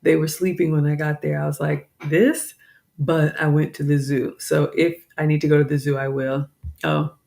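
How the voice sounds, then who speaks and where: A chatty woman from the American South talks casually to her viewers in a gravelly voice. She sounds tired, apologizes often and wanders between thoughts. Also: deep voice, level tone, normal speed, warm tone. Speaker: vlogger, home cook. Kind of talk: casual live-stream chat.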